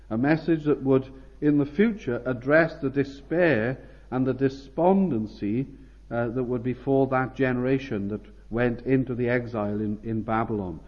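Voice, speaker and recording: Measured preacher man, lo-fi sound. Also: mid-range voice, breathy edge. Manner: measured, rises sharply on quoted calls. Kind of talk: expository sermon.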